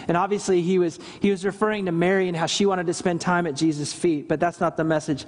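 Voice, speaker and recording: Pastor, male, high voice, earnest sermon, lively scripture quotes, reverberant church hall. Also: fast talker, few pauses. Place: church service.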